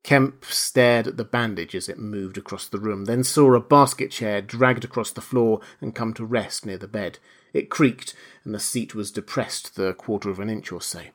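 A man narrating a classic novel aloud, measured and letting his voice fall quietly at the end of each phrase. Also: fairly low pitch. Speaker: audiobook narrator. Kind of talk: scripted narration.

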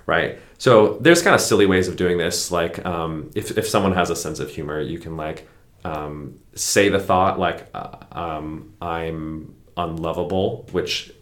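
A man, a clinical psychologist guest, explaining therapy ideas in a relaxed conversational way and often checking in with "right?". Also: low voice, a little slow. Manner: explanatory, frequent "right?" tag questions. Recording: roomy echo.

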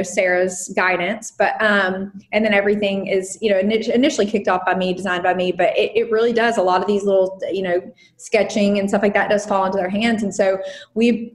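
Chatty woman design business owner. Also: medium pitch. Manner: rambling, frequent fillers and restarts. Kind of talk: casual interview conversation.

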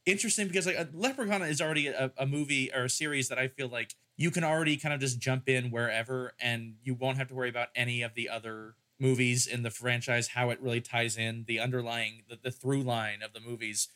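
A man's voice: medium pitch, fairly even intonation, quick pace, hardly any pauses, pushed and bright. A man hosting a casual film-review podcast, rambling with many fillers and restarts. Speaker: podcast host.

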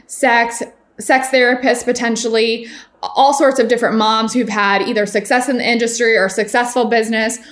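A woman's voice: a little high, fairly bright tone. A woman in her thirties hosting a podcast, telling stories in a chatty style full of fillers like "um" and "like", often laughing as she talks. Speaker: podcast host. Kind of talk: casual chat, storytelling.

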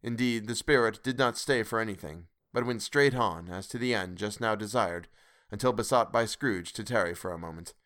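A man narrates a classic story in a measured, expressive way. His voice sits fairly low. He paces the prose with care. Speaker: audiobook narrator. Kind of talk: scripted narration.

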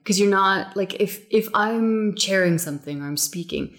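A woman hosting a casual podcast chat, talking quickly and with excitement. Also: medium pitch. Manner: animated, quick-talking, self-described fast speaker. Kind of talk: casual conversation.

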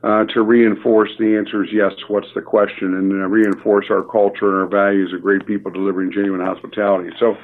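A man's voice: on the low side, flat delivery, brisk, hardly any pauses, a little hiss or hum. Man telling a story, phone-like sound. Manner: frequent filler words, acts out dialogue. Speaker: restaurant company leader. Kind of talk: anecdotal storytelling. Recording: narrow phone-like radio audio.

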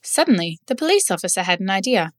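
A woman's voice: medium pitch, very animated, quick pace, dry recording, clean studio sound. Woman reading a children's story. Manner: gentle, clear read-aloud.

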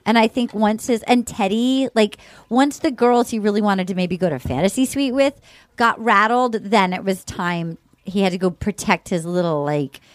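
A woman's voice: medium pitch, moderate pace, dry recording. A woman hosting a podcast in casual chat, talking animatedly and acting out other people's lines. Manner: animated, quotes others in acted voices. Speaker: podcast host.

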